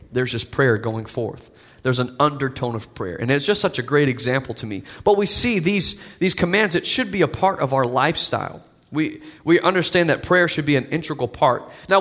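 A man's voice: fairly high pitch, fairly bright tone. A young adult male pastor preaching a sermon, earnest and building to emphatic declarations. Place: church sanctuary. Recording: long reverb of a church hall.

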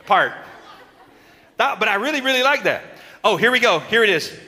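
A man giving a lively children's sermon, coaxing and calling out to the kids in a church. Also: sits high, normal speed. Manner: animated, coaxing, calls out to the kids. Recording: long reverb in a large hall, faint crowd.

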